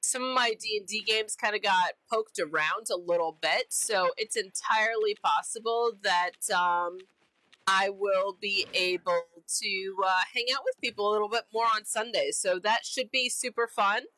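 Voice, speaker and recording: A woman's voice: medium pitch, moderate pace, sharp tone, dry recording, poor audio. A woman streamer chatting casually while she plays a game, bubbly and repeating herself often. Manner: bubbly, repeats herself, giggly silly name-calling.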